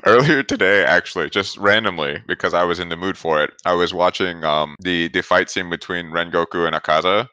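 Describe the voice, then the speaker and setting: A man's voice: low-pitched, brisk, hardly any pauses, pushed and bright, clear, resonant tone, no room sound, muffled recording. A man hosting a casual podcast over a remote call, easygoing and talkative, explaining at length. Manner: easygoing, explains at length, acts out quoted lines. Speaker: podcast host. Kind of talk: casual chat.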